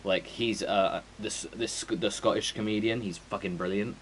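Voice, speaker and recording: A man's voice: on the low side, fairly even intonation, moderate pace, slight background noise, low-quality recording. A man, streaming a game and chatting casually in a rambling, sweary way full of fillers. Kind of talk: casual chat before a stream.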